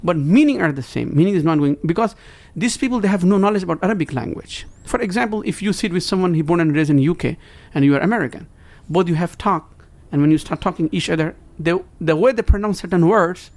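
A man speaks quickly, rattling through explanations in broken English with a fairly high voice. He breaks into quick Arabic recitation as he makes his points, earnest and teacherly. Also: gravelly, a little mellow. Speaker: guest religious scholar. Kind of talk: explaining in conversation.

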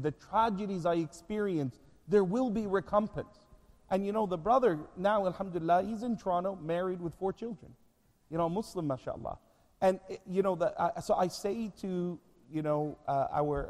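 A man's voice: on the high side, a little mellow. A man speaking as a guest sheikh, preaching with emphatic, earnest urging. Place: conference hall. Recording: long reverb of a conference hall.

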